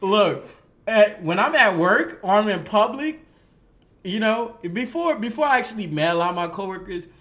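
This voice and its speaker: A man's voice: sits high, normal speed. A man with a Louisiana accent, a podcast co-host chatting casually and telling stories with lots of laughter and cursing. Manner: animated, laughs often, profane storytelling. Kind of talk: casual chat.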